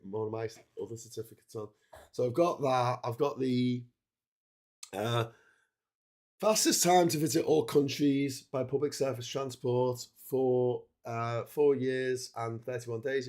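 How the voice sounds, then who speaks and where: Hosting a casual livestream, this middle-aged man from England sounds like he has a cold. His middle-pitched voice has a darkish tone, and he rambles along with lots of fillers and restarted sentences.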